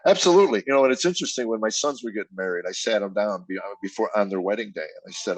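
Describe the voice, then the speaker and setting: Older man, deep dry confessional voice. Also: racing, hardly any pauses, no room sound, rough recording. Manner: emotional, confessional, acts out quoted dialogue. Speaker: comedian guest. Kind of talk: candid personal storytelling.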